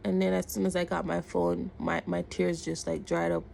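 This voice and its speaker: A woman's voice: lowish voice, moderate pace, gravelly, a little hiss or hum. A woman vlogger animatedly retelling a story in casual storytime style, acting out the dialogue. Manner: animated retelling with quoted dialogue and repeated words.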